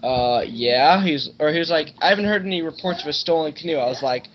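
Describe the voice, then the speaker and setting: A man's voice: fairly high pitch, fast talker, lo-fi sound, slight background noise. A young man on a podcast, telling a loose, rambling story in casual chat with plenty of swearing. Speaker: podcast co-host.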